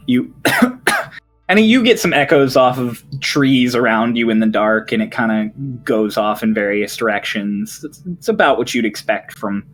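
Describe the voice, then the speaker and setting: A man running a tabletop game as game master, setting scenes in a hushed, unhurried way. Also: medium pitch, animated, faint music behind.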